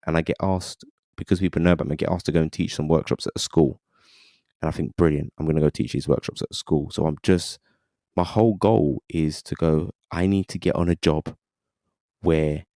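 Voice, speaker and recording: A man, a podcast guest telling his story in animated casual talk, often saying "you know what I mean". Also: a bass voice, no echo, studio quality. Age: 30s.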